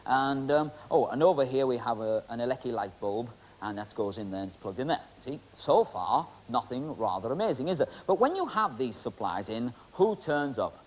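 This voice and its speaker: Joking stage magician, lively pitch. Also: male voice, moderate pace, low-quality recording. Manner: joking, rambling, teasing, full of ums. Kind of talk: comic stage patter with volunteers.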